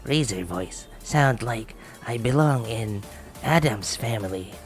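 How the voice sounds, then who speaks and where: A man putting on the voice of a gruff, wolf-raised young man from a game, growling a little and sitting back from the mic. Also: mid-range voice, lively intonation, slow pace, soft background music.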